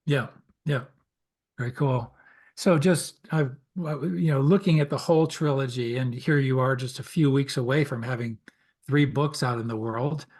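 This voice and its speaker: Man, interview host, friendly, encouraging, mid-pitched voice. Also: moderate pace, a little mellow. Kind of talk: interview questions.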